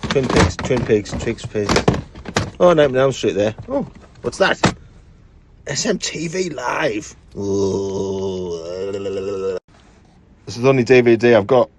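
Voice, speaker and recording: A man's voice: mid-range voice, lively intonation, a little fast, a little mellow, slight background noise. A British man rummaging through old tapes and magazines on a livestream, muttering and exclaiming to himself. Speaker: co-host showing his collection. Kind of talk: casual livestream chat.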